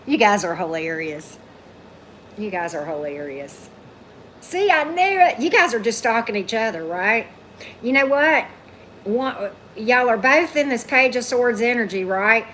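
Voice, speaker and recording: A woman, talking casually on a livestream as a tarot reader, her voice going hoarse, chatting with viewers and calling her dog in a high coaxing voice. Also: big pitch swings, unhurried, fairly bright tone, slight background noise. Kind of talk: casual live chat with viewers. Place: indoors at a table at home.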